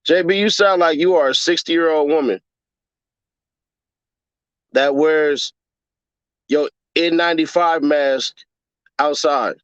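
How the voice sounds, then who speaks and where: Guy in his 30s ranting and joking on a stream, kinda high voice, dry dull mic. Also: slow pace, pauses often, fairly bright tone, clean tone, no room sound. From Chicago, USA. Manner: profane joking rant, puts on mocking voices. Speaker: livestream host. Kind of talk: casual livestream commentary.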